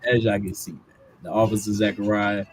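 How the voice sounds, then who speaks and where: A man's voice: fairly low pitch, little pitch movement, normal speed, breathy edge. A man hosting a live reaction stream, commenting on a debate clip. He laughs often and talks in a loose, mocking way.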